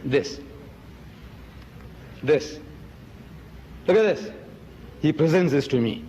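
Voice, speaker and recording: A man giving an emphatic, accusing public lecture, jumping sharply up in pitch on key words. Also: expressive, slow pace, warm tone, big-room sound, lo-fi sound. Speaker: Muslim preacher and debater.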